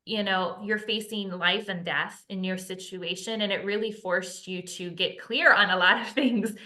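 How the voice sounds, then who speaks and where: Bright-voiced woman host, emotional. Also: medium pitch, steady tone, moderate pace. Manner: warm agreement, emotional, many restarts. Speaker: interview host. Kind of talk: interview conversation.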